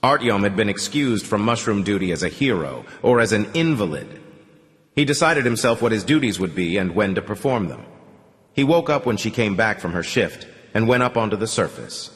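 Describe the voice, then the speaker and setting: A man reading an audiobook in measured, somber scripted narration. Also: on the low side, animated, fairly bright tone. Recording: long reverb.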